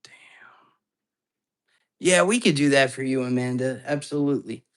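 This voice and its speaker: A man's voice: mid-range voice, moderate pace, clean tone. A man hosting a live ghost-hunting stream from an apartment at night, chatting casually and jumpily straight to his viewers. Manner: chatty, jumpy, talks straight to his chat.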